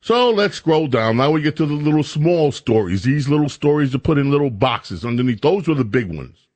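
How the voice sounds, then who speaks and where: A man's voice: fairly high pitch, lively intonation, a little fast, a little mellow. A man hosting a talk radio show, reading headlines aloud with sarcastic asides and mocking imagined voices. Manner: sarcastic, reads headlines aloud and mocks them; mock voices for imagined friends.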